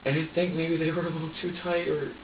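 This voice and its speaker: A man being questioned as a suspect, recounting events in an agitated, profane, halting way, distressed and near tears. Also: a little high, flat delivery, background noise. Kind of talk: emotional recounting under questioning. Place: police interview room. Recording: echoey, distant, dull room recording.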